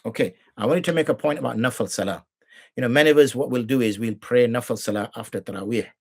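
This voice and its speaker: Husky British man teaching religious law. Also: mid-range voice, fast talker. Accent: British English. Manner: demonstrative, rhetorical questions, mock dialogue. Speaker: mufti teaching Islamic law. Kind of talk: informal teaching talk.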